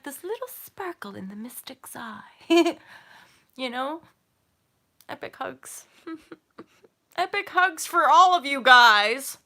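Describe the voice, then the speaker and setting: A woman in her thirties speaks to her audience as a yoga and meditation teacher, her voice bright and a little high. She talks in an open, emotional, casual way, laughing often and dropping swear words freely. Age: 30s. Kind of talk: emotional casual talk to camera.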